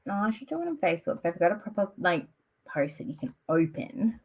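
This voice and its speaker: A woman's voice: fairly low pitch, big pitch swings, a little fast, husky. A woman, chatting casually and rambling on a live stream, full of "like" and "um". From Australia. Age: late 20s. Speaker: book streamer.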